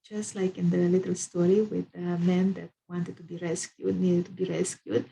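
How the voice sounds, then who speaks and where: A woman's voice: fairly low pitch, flat delivery, moderate pace, creaky, dark tone, slight background noise, low-quality recording. A woman therapist and author telling a spiritual parable, speaking hesitantly with many fillers.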